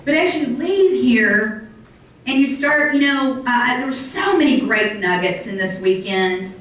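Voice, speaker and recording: A middle-aged woman giving an animated motivational talk to a live audience in a hotel conference room, acting out other people's reactions. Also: a little high, measured pace. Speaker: motivational speaker. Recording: very echoey hall from far off.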